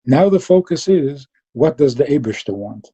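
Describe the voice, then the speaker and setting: Dark, husky-voiced man giving a Chassidic talk. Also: on the high side, moderate pace, muffled recording. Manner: lively storytelling, mixing Yiddish and Hebrew terms. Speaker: Chassidic teacher.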